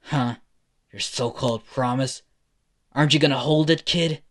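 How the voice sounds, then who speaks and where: Brief: a man doing a cruel male fire villain and harsh father for a fan story, sneering and hushed, lines unhurried. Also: mid-range voice. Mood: taunting. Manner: sneering, hushed then shouting.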